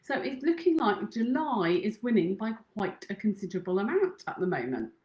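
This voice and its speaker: A woman's voice: mid-range voice, sing-song, brisk, darkish tone. Giggly woman in an echoey room. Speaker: dance teacher co-hosting a live Q&A. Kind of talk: casual live-stream chat.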